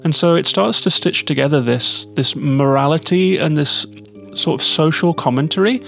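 A man's voice: fairly high pitch, normal speed, vocal fry, fairly bright tone, faint music behind. A man giving a chatty, enthusiastic spoken game review.

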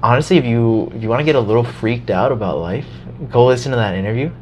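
A man in casual podcast chat, talking in an animated way, swearing and laughing as he tells a story. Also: mid-range voice, fast, a little hiss or hum.

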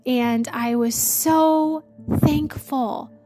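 A woman with a fairly high voice shares a personal story with her viewers in easy, casual chat. Her talk is loose and full of "like", and she gets excitable as she goes. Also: very slow, faint music behind. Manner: chatty, lots of "like", bursts of laughter; excitable, jumps up in pitch when thrilled. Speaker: vlogger.

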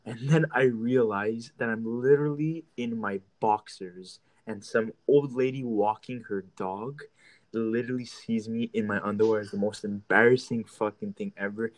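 A man's voice: fairly low pitch, normal speed. A young man hosting his own show, telling rambling, profane stories in a casual chat. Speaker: podcast host.

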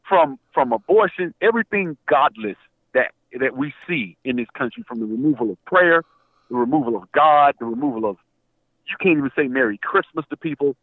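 Male caller, phone-line audio, worked up and stammering, lively pitch. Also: no echo. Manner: agitated, stammering, repeats himself. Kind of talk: call-in show conversation. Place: Atlanta area.

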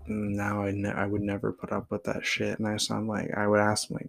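Podcast host, man, 30s, from Oregon; rambling, profane, casual storytelling with a gravelly low voice. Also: completely flat delivery, brisk. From Oregon, USA. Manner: rambling, fills with "like" constantly, blunt and profane.

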